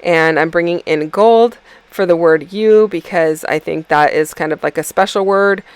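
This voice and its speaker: A woman's voice: lowish voice, moderate pace, smooth, no room sound. A woman casually narrating her scrapbooking process in a chatty, rambling way, with lots of ums and self-corrections. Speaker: scrapbooking video creator.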